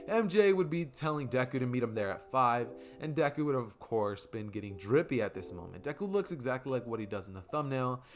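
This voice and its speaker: A young man casually narrating a fan story he makes up as he goes, rambling, with fillers. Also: medium pitch.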